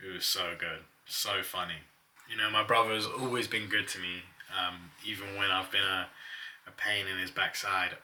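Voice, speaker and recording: A man's voice: low-pitched, steady tone, normal speed, sharp tone, far from the mic, slight background noise. A young man telling personal stories in a casual, chatty way, often laughing as he talks. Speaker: vlogger.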